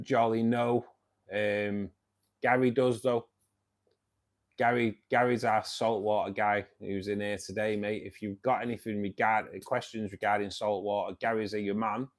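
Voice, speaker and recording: Mancunian bloke in his 50s, lowish voice, chatty livestream host, says mate loads. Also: level tone, normal speed. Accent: Mancunian English. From England, Manchester. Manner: chatty and matey, keeps saying "mate". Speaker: livestream host of a fishkeeping club. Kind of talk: casual livestream chat answering viewers.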